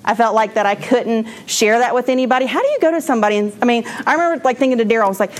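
Candid woman with a higher voice. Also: expressive, quick pace, few pauses. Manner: candid and rambling, with frequent restarts and laughter. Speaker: speaker at a church moms' class. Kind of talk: personal testimony talk.

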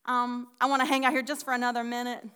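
Female Bible teacher, casual folksy delivery, higher voice with crisp tone. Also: little pitch movement, quick pace, bright, forceful tone. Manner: folksy, chatty, with many restarts and asides. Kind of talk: conversational sermon. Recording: long hall reverb.

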